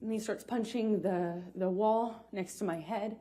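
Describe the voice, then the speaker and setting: A woman in her thirties testifying in a courtroom, speaking haltingly with frequent pauses and broken-off restarts. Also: medium pitch, fairly even intonation, dark tone. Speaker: trial witness.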